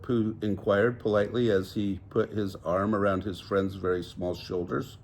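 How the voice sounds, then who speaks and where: Husky-voiced older man reading a storybook. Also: on the low side, flat delivery, normal speed, few pauses, darkish tone. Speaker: storybook reader. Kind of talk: reading a children's picture book aloud.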